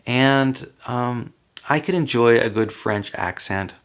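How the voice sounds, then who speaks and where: A man's voice: mid-range voice, slow pace. A man talking casually on his own, answering questions in a rambling, chatty way with light laughs. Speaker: vlogger.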